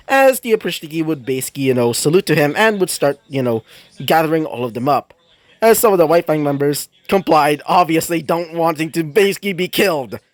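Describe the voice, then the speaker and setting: A man's voice: on the high side, lively intonation, fairly quick, no echo. A young man casually narrating a fan crossover story, rambling with frequent fillers. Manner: rambling, many fillers like "you know".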